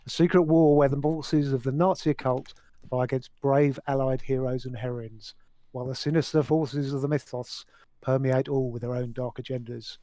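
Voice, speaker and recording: A man's voice: mid-range voice, steady tone, normal speed, dark tone, no room sound. A man hosting as game master, introducing the players and the game in a jovial, theatrical way. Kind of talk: hosting and narrating a tabletop game.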